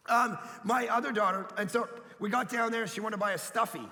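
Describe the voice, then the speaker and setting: A middle-aged man preaching a sermon, telling family stories and breaking into shouts as he acts out his kids. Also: high-pitched, fairly quick, creaky, hardly any pauses. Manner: storytelling preacher, bursts into shouting when acting out kids. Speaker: pastor. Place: church hall. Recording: long reverb of a church hall.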